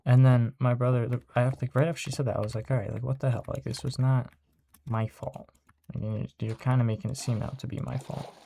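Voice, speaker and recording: A man's voice: mid-range voice, little pitch movement, quick pace, vocal fry, mellow, slight background noise. A young man telling a casual story in a rambling way, with lots of fillers and swearing, still shaken and upset. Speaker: vlogger.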